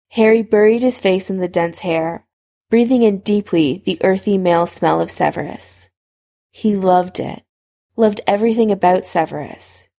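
Woman narrator with vocal fry. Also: fairly low pitch, mellow. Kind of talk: fan fiction reading.

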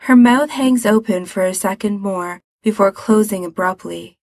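A woman reading a story aloud as narrator, in an even, measured manner. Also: medium pitch, no room sound. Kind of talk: reading fan fiction aloud.

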